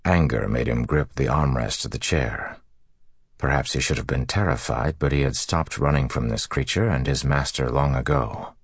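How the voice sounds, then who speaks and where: A man narrating a fantasy audiobook in a measured, even storytelling manner. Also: very deep voice, creaky, breathy edge, no echo, clean studio sound.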